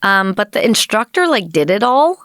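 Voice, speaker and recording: A woman's voice: mid-range voice, big pitch swings, normal speed, a bit bright, no room sound. Woman, comedian guest, rambling, self-deprecating, dry close sound. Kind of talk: casual chat.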